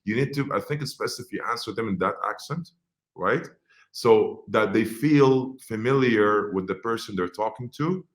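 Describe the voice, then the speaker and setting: A man's voice: on the low side, moderate pace. A man from Egypt speaking in a business webinar, conversational, with frequent fillers and restarts. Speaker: webinar speaker on social media marketing.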